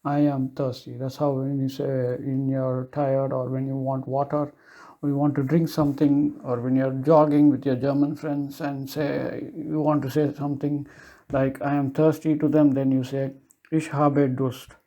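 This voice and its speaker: A man giving a casual language lesson, explaining simple German phrases in loose, chatty English and slowly repeating each phrase for the listener. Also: medium pitch, little pitch movement, dark tone, lo-fi sound.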